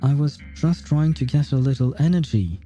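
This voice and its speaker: A man's voice: medium pitch, lively intonation, moderate pace, dark tone, soft background music, close to an everyday voice. A man reading a timid young girl.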